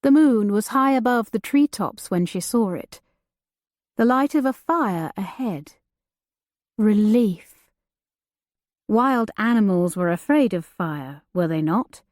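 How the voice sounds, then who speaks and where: A woman narrates a novel in a slow, deliberate storytelling voice. Her pitch sits in a middle range. The sound is dry and close with no room echo. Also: expressive, a little mellow. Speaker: audiobook narrator. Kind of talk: scripted narration.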